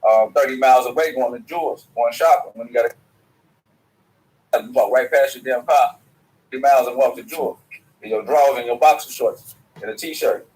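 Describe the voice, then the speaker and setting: A man's voice: medium pitch, brisk, pauses often, a little mellow, rough recording. A man, a talk show guest telling a long story in loose, slangy, profane talk. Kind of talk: rambling storytelling.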